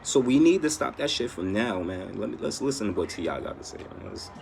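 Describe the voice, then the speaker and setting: A man's voice: fairly low pitch, animated, a little fast, creaky, darkish tone, a little hiss or hum. Fired-up New York man ranting. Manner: exasperated, emphatic, profane. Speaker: reaction commentator. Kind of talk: casual reaction rant.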